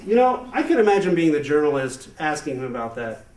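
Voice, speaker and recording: A man's voice: sing-song, fairly quick, darkish tone. A man performs a stand-up set in a slightly raised voice, rambling and self-amused, full of fillers and restarts. He is picked up from some distance away from the microphone. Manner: breaks into high squeaky put-on voices for jokes. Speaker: stand-up comedian. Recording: distant mic, far from the speaker.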